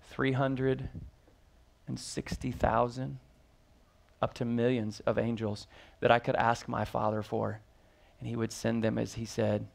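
A man's voice: mid-range voice, little pitch movement, measured pace, creaky. A man preaching as pastor, reading scripture aloud and then explaining it with rising emphasis and questions to the congregation. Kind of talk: sermon.

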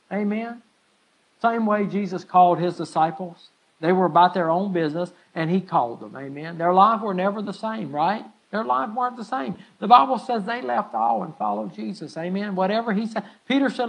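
A man pastor preaching a sermon in a church, emphatic and stirring, calling out "amen" to the congregation again and again, swinging from soft, low lines to loud, raised ones. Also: fairly quick, creaky, breathy edge, poor audio. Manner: emphatic preaching with frequent call-outs of "amen"; pitch and loudness rise and fall widely between lines.

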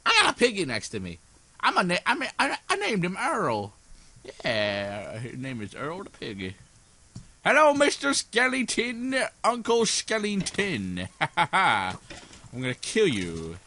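A man's voice: medium pitch, wildly swooping pitch, unhurried, bright, forceful tone, slight background noise. A sleep-deprived man hosting a casual gameplay commentary, rambling giddily and breaking into screams and laughs. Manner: giddy, rambling, prone to sudden screams and laughter. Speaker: gaming channel host. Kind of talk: casual let's play commentary.

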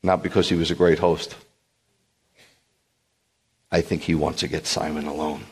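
A man serving as a rabbi, giving an animated sermon with joking asides and acted-out quotes. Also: a bass voice, moderate pace, breathy edge. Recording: long hall reverb.

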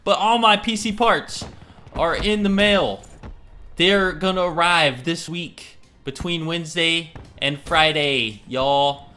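A man with a Texan accent giving excitable live commentary over his gameplay and talking back to the game. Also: on the high side, slow pace. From Texas. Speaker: gaming vlogger.

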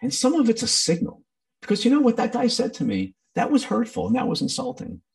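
A man's voice: very high voice, huge pitch swings, fairly quick, creaky, darkish tone, distant mic. A man teaching a training session in a conversational way, with many ums and acted-out quotes. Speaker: workshop presenter.

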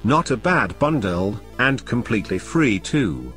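A man's voice: lowish voice, big pitch swings, a little slow, fairly bright tone, faint music behind. Foul-mouthed ranting man. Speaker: comedic host playing an angry game collector. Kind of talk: scripted comedy sketch.

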